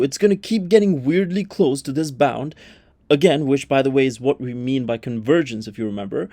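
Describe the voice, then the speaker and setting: A young man explaining math as a comedy bit, with crude slang and banter, jumping between loud outbursts and low mutters. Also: fairly quick, dry recording, studio quality.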